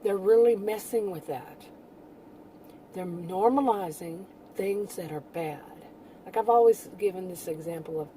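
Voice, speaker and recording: A woman's voice: mid-range voice, lively intonation, normal speed, mellow, a little hiss or hum, rough recording. A woman talking casually in a rambling monologue, laughing often and restarting her sentences. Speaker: channel host.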